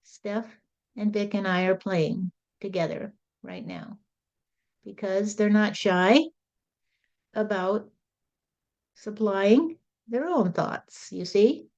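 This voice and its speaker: A woman's voice: mid-range voice, slow, long pauses, darkish tone. A woman channeling Jesus as a frank, folksy male spirit who rambles and keeps saying "you see," in a dull lo-fi recording. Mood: earnest.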